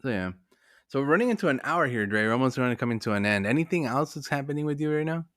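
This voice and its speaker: Host, male, mid-pitched voice with a lively range, dry close sound, easygoing and slangy. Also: quick pace, dry recording. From Southern California. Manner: laid-back, slangy, laughs often. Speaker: podcast host. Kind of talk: casual chat. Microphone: video call.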